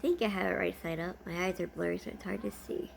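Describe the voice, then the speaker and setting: A woman's voice: fairly low pitch, fairly even intonation, fast, creaky, slight background noise. A woman vlogger chatting casually as she unboxes gifts, gushing and easily delighted.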